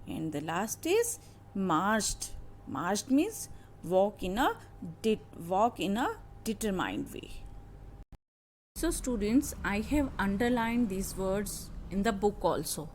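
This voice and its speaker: Slow, lively-pitched woman teaching English. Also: a little hiss or hum. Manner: slow, explanatory, repeats new words. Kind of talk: classroom lesson.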